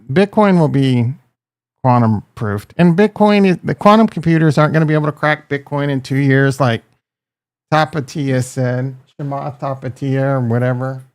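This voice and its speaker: A man's voice: a little high, dry recording, studio quality. A man hosting a casual livestream, joking and ranting, talking straight to his chat and calling viewers bro and dude. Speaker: crypto livestream host.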